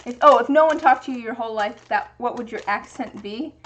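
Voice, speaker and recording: With a fairly high, fairly bright voice and a brisk pace, a young woman from the Pacific Northwest livestreams her resin dice making from a home craft workspace, chatting and thinking aloud in a relaxed way.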